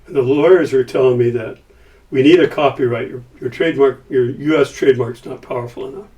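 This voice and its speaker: An older man talks through a long anecdote in an easygoing, lively way. His voice sits in a middle pitch and slips into the characters he quotes. The mic picks him up from a little distance. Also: a little fast, highs cut off. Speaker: podcast guest. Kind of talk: casual storytelling.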